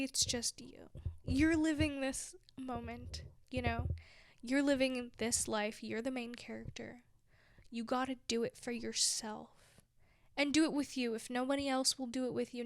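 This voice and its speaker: A woman in her twenties giving heartfelt, emphatic life advice as a vlogger, dropping now and then into soft whispered asides. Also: fairly high pitch, no room sound, clean studio sound. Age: 20s. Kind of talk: heartfelt motivational talk.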